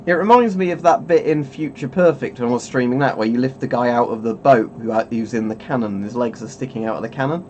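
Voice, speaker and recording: A man's voice: mid-range voice, fast, few pauses, darkish tone, a little hiss or hum. Rambling man chatting on stream. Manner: rambling, chuckling, self-interrupting. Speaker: streamer host. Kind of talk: casual webcam stream chat.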